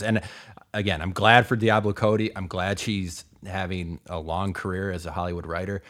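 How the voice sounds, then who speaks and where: A man co-hosting a film podcast, talking casually with a wry, joking manner. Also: low-pitched. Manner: wry, joking, reads the sign-off. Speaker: podcast co-host.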